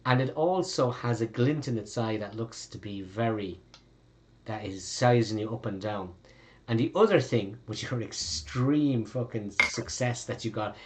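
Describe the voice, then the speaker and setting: A man with an Irish accent narrating as game master, rambling with fillers and the odd swear. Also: on the low side.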